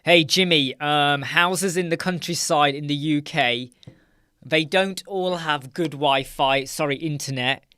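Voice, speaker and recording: A man's voice: fairly high pitch, a little slow, pushed and bright, smooth, no room sound, studio quality. A man hosting a casual live chat, reading out viewer comments and joking with them. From United Kingdom. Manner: chatty, jokey, reads viewer comments aloud and laughs often. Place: dark room with soundproof panels.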